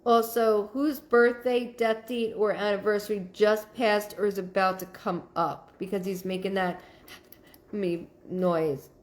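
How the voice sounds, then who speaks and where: Hosting a live stream as a psychic medium, a woman thanks viewers by name and passes along messages in a searching, halting manner. Her voice is mid-range and her tone steady.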